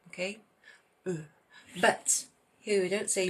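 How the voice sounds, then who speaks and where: A woman's voice: fairly low pitch, steady tone, a little slow, long pauses, breathy edge. A woman teaching a French lesson, reading a French text aloud and then explaining its words and pronunciation in English.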